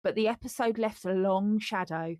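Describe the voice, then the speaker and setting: A woman's voice: medium pitch, moderate pace, darkish tone, no room sound. A woman podcast co-host who reads a true-crime script and breaks off into joking asides. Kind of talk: scripted true-crime narration mixed with casual chat.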